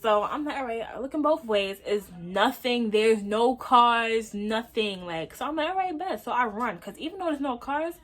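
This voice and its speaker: A young woman tells a story into her phone at home. She is animated and slangy and talks straight to her viewers in an easy storytime chat. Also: on the high side, normal speed, hardly any pauses. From Brooklyn, New York. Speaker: vlogger. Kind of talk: casual storytime.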